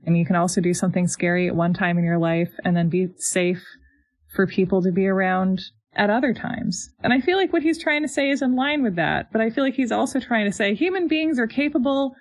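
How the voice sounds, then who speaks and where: A woman's voice: medium pitch, brisk, dry recording. A woman hosting a podcast, chatting casually and reacting with quips. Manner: animated, quippy reactions. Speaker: podcast host. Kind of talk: casual chat.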